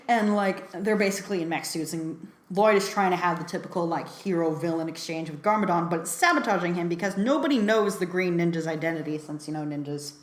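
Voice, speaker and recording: A woman's voice: on the low side, echoey room. A woman giving a casual film review, talking chattily with lots of fillers and frequent laughs.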